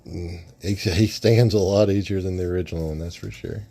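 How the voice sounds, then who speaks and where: A man casually reviewing an action figure, rambling in a relaxed way with frequent restarts. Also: sits low, fairly quick. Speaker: toy reviewer.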